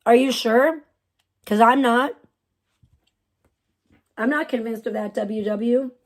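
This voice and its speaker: A woman's voice: a little high, slow. A young adult woman hosting a livestream, ranting with heavy profanity and open scorn. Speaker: livestream host.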